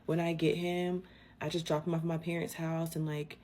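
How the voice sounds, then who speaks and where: A woman's voice: low-pitched, level tone, a little fast, a little mellow, lightly acted. A woman quoting her evasive boyfriend in a hesitant, apologetic way, full of fillers. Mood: sheepish.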